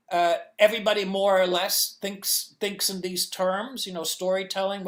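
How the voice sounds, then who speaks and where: A man guest in an interview on a video call, answering in a halting way with many restarts as he searches for words. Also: sits high, fairly bright tone. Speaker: comics inker, guest.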